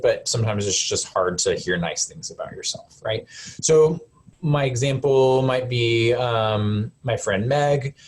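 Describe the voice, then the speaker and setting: A man, a counselor, giving a casual live webinar talk in a conversational way, with lots of fillers and self-corrections. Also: medium pitch.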